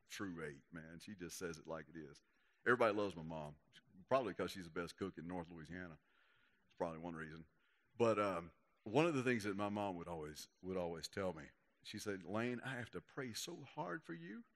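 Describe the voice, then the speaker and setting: A young man with a low-pitched voice, talking a little quickly, delivers a laid-back sermon to a young crowd as a youth pastor. He keeps it folksy and conversational and voices the quotes dramatically.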